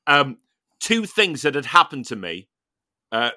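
A man hosting a podcast, telling a funny story in casual chat with animated, laughing delivery. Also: mid-range voice, a little slow, no echo, studio quality. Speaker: podcast host.

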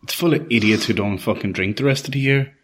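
A podcast co-host chats casually, swearing freely and laughing at his own jokes. His medium-pitched voice is slightly rough and fast.

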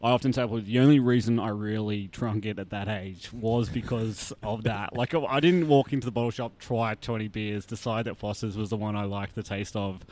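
A man with an Australian accent, chatting as a podcast guest, lively with lots of fillers and laughs. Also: fairly low pitch, moderate pace, hardly any pauses. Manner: chatty and animated, many fillers, laughs often. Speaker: guest, brewery tour operator. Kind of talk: casual podcast interview.

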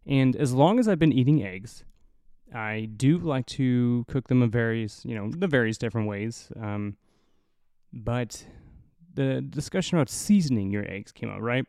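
A man's voice: mid-range voice, lively intonation, normal speed, mellow, no echo, studio quality. A young man from the Midwest with a nasal Midwestern accent, hosting a solo podcast in a rambling, profane, self-mocking way. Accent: Midwestern American. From American Midwest. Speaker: podcast host. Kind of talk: casual solo podcast monologue.

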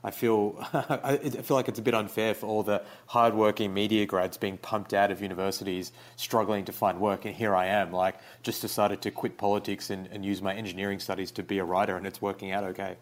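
A young Australian man, a writer being interviewed, talking in a relaxed, rambling way with lots of fillers. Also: lowish voice, fairly quick, hardly any pauses. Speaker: guest, writer. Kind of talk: casual interview.

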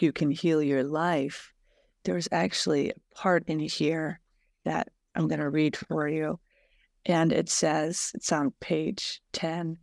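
A woman's voice: sits low, vocal fry, a little mellow, no room sound, clean studio sound. A woman hosting a reflective solo podcast, reading aloud and musing earnestly, posing questions to her listeners. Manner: earnest, conversational, poses rhetorical questions to listeners. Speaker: podcast host.

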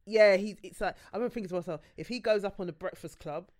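A woman's voice: medium pitch, fast, a little mellow. A woman in casual podcast chat, telling stories and leaning often on "like". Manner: chatty storyteller, frequent "like".

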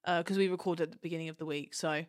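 A woman's voice: on the low side, steady tone, very fast, no room sound, studio quality. A woman co-hosting a podcast, chatty and joking, swearing casually. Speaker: podcast co-host. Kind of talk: casual chat.

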